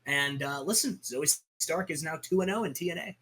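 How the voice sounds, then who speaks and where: A man with a bright, sharp tone and a husky edge recaps wrestling matches in casual gaming commentary. His pitch sits a little high. He delivers hype-style calls, often leads with "listen" and trips over names. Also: brisk, low-quality recording.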